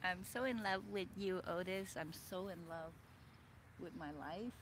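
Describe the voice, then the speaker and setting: A woman author reading her own memoir aloud, expressive and dramatic, breaking off for chatty asides. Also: fairly low pitch, unhurried, a little hiss or hum. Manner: expressive, swings between soft and loud, chatty asides.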